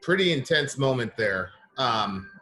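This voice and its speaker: A man's voice: mid-range voice, lively intonation, a little slow, sharp tone. A man hosting a casual interview over a video call, chatty and easygoing, laughing often. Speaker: host.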